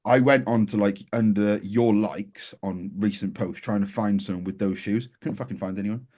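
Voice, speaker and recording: A man's voice: on the low side, moderate pace, darkish tone. A man co-hosting a podcast, rambling through stories with restarts. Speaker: podcast co-host. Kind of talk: casual podcast chat.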